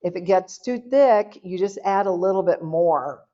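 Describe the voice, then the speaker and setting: A woman's voice: lowish voice, measured pace, dark tone. A middle-aged woman from Oklahoma giving a chatty, folksy cooking talk to an audience at a health seminar. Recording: dull lo-fi sound.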